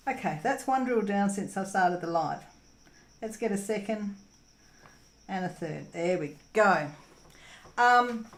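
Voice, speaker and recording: A young Australian woman with a lowish voice hosts a crafting channel, chatting casually through viewer comments while diamond painting in a room at home. She rambles with plenty of ums and laughs, and the room is echoey.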